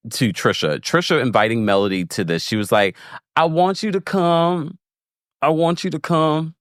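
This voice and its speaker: On a casual livestream, a man recaps a reality show and reads viewer comments aloud, laughing as he goes and speaking animatedly straight to his audience. His voice is on the low side, and the recording is dry and studio quality.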